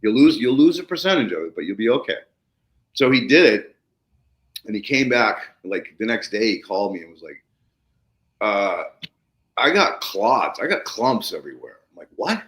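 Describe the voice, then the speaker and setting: A low-voiced man hosts a casual podcast chat, spinning stories with big, lively swings in his delivery. He swears offhandedly and acts out surprise with a jump in his voice. The sound is roomy and echoey. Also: moderate pace, pauses often. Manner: animated, swings sharply higher when acting out excitement, swears casually. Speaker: podcast host. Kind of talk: casual storytelling conversation. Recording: roomy echo.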